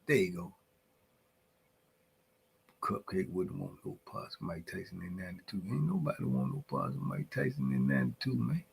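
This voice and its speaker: A man's voice: deep voice, animated, moderate pace, gravelly, long pauses, poor audio. A man hosting a morning podcast in casual banter, laughing often as he reacts to his chat. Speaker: podcast host. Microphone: podcast mic.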